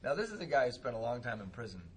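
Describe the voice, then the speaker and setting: A man speaking at a recovery meeting, telling a personal story in a casual, animated way and laughing often. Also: medium pitch, rapid-fire, slight background noise. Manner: animated, laughs often, acts out voices in quotes.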